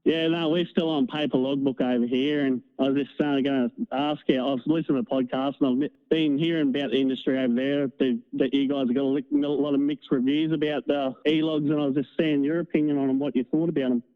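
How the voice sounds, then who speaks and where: A man with a North Queensland Australian accent, a truck driver calling in to chat, relaxed and talkative. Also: mid-range voice, fast talker, hardly any pauses, smooth. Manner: chatty, relaxed, uses mate and no worries. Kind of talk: casual phone call. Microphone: phone. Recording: tinny phone line.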